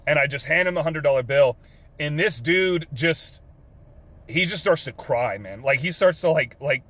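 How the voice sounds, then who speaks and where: A man's voice: a little high, animated, normal speed, a bit bright. A young man from Texas with a drawl, earnestly telling an emotional story in his car, swearing casually with lots of fillers. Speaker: vlogger. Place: parked car.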